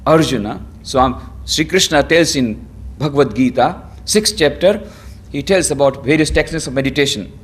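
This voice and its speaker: A man, a monk giving a spiritual lecture, expressive and playful, acting out quoted voices. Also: medium pitch, moderate pace. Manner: expressive, acts out quoted voices, chuckles at own jokes.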